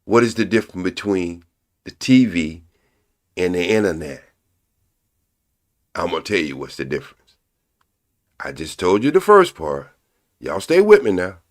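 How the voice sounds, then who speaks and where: Older male stream host, lowish voice, preachy and crude, hammers each point twice. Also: very animated. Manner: preachy, repeats points slowly for emphasis; blunt and profane. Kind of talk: casual live-stream commentary.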